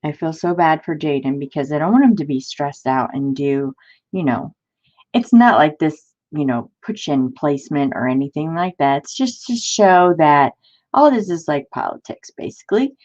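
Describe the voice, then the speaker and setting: A woman's voice: low-pitched, animated, moderate pace, a little mellow. Exasperated woman venting, dull lo-fi sound. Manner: exasperated, talks to live chat viewers. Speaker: crafting channel host. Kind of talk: casual venting while crafting.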